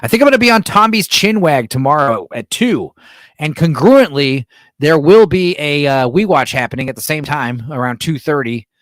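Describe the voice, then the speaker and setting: A man's voice: a little high, lively intonation, normal speed, no room sound, studio quality. A man hosting a late-night livestream, chatting loosely and reading out viewer messages while tired at five in the morning. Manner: loose, rambling, reads and answers chat. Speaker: livestream host.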